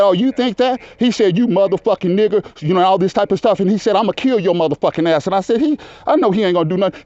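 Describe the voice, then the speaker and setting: A man in his fifties telling a long story in casual conversation, talking loud and rambling, often asking "you know what I'm saying". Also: high-pitched, no echo. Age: 50s. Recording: dull lo-fi recording.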